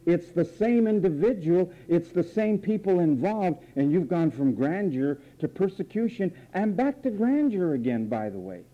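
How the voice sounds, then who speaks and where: High-voiced male preacher, theatrical sermon delivery, muffled lo-fi recording. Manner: theatrical, mocks voices and repeats phrases.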